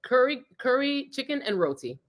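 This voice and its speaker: A woman guest telling stories in a conversation, expressive and blunt, laughing a lot. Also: high-pitched, moderate pace. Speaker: interview guest. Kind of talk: animated storytelling in conversation.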